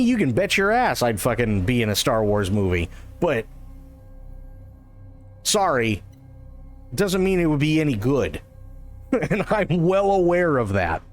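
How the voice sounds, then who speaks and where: A man ranting profanely in casual live-stream chat. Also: mid-range voice.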